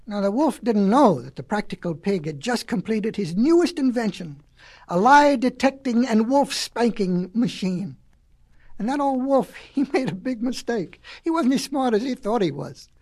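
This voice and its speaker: A woman narrating a storybook in a folksy, lively storytelling manner. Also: on the high side, normal speed. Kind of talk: storybook reading.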